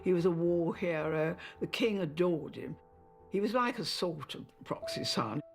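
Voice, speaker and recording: A woman in her eighties, a former lady-in-waiting, recalling old memories in an interview with fond, halting storytelling. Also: lowish voice, animated, vocal fry, soft background music. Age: 80s. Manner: hesitant, fond storytelling with fillers. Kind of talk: interview reminiscence.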